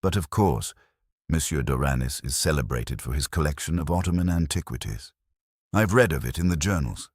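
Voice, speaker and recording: A man doing Poirot, a fastidious detective. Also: rumbling low, expressive, husky, no room sound, studio quality, heavily acted. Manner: precise, courteous, with French phrases. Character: fastidious older male Belgian detective, shrewd.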